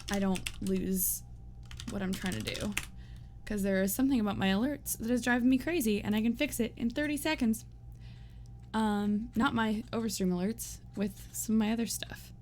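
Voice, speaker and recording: A woman live-streaming a game, chatting casually with viewers in a rambling, giggly way full of "like". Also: mid-range voice. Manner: giggly, animated storytelling. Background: faint game music.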